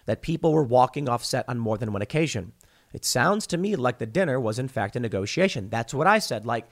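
Animated male commentator with lively pitch. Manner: animated, stumbling restarts, mocking put-on quotes. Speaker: political commentary host. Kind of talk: opinionated solo commentary.

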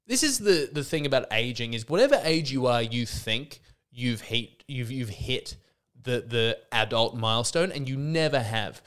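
Speaking at a normal speed, a male podcast host in his thirties rants comedically on his own, sarcastic and exasperated, restarting often and sounding a little sick. His medium-pitched voice has lively intonation and a bright, clean tone.

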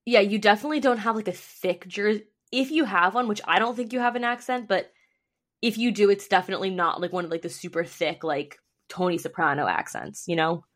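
A woman's voice: mid-range voice, fairly quick, fairly bright tone. A young woman co-hosting a podcast in casual chat, playful and teasing, laughing easily. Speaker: podcast co-host.

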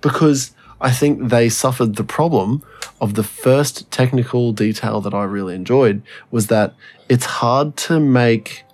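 A man's voice: mid-range voice, measured pace, darkish tone. Sweary man explaining music production. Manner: enthusiastic, sweary, explaining in detail. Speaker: podcast co-host. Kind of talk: casual chat.

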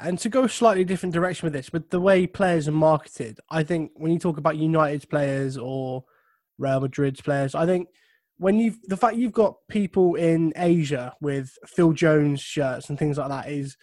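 A man's voice: fairly high pitch, normal speed, darkish tone, dry recording, studio quality. A man co-hosting a football podcast, telling anecdotes with wry humor in a casual chat. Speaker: podcast co-host.

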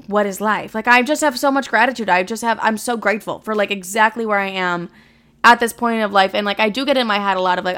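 A woman's voice: mid-range voice, steady tone, quick pace, fairly bright tone, smooth. A woman in her twenties hosting a podcast, talking candidly in a rambling, profane style with lots of fillers. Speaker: podcast host. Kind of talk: casual chat.

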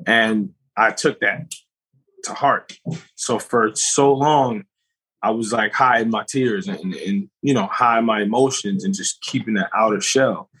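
A man speaking reflectively in casual chat, halting with many fillers and restarts. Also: fairly low pitch, a bit bright, breathy edge, low-quality recording. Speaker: podcast co-host.

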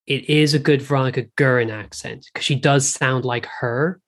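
A man's voice: mid-range voice, fairly even intonation, moderate pace, a bit bright. A man from Ireland with an Irish accent, talking casually about films in a rambling way, often restarting his sentences. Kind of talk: casual film discussion.

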